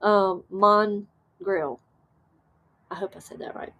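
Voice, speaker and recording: A woman hosting a livestream, chatting casually with viewers and reading their comments aloud, rambling and excitable with bursts of laughter. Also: medium pitch, takes it slowly, lo-fi sound. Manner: chatty and rambling, trailing off often. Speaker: livestream host.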